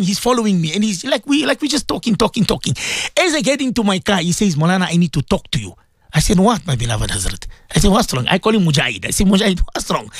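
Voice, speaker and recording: High-voiced man preaching on radio. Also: no room sound, studio quality. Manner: storytelling, repeats phrases, mixes in Urdu and Arabic terms; emphatic, preaching exhortation. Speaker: radio presenter and imam. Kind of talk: radio talk with Islamic advice.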